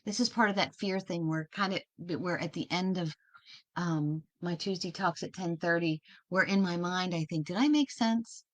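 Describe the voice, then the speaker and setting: A woman's voice: fairly low pitch, normal speed. Chatty encouraging woman host. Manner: chatty, encouraging, asks many questions; laughs easily, restarts words. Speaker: spiritual talk host. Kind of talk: casual inspirational talk.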